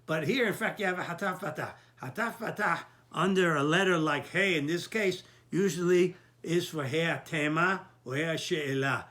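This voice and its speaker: Bright-voiced man explaining a Torah text. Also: fairly high pitch. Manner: halting, restarts, quotes Hebrew terms. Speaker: Torah teacher.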